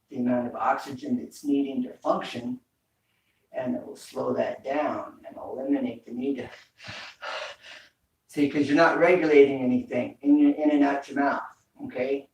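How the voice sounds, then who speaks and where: A man's voice: medium pitch, fairly even intonation, measured pace, a little mellow, slight background noise. A man teaching a home workout, coaching breathing with repeated cues. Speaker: fitness instructor. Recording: echoey room, mic far off.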